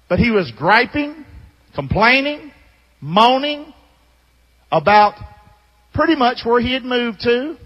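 A man preaching a sermon as a pastor, telling stories in an animated way that swings from loud to hushed. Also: very high voice, muffled recording. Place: church sanctuary. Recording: long hall reverb.

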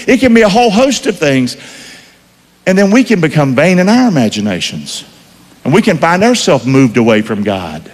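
A man preaching a sermon, emphatic, with call-and-response questions to the congregation. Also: sits high. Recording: long hall reverb.

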